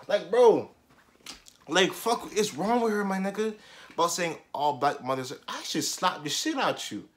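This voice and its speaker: A young man recounting a school story in a loose, slangy vlog, his voice swinging widely up and down as he gets worked up. He sits a little higher than most men, and he flips between loud bursts and low, mumbled side comments. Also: measured pace. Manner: animated slangy storytelling with heavy swearing; jumps between loud outbursts and muttered asides. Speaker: vlogger telling a story.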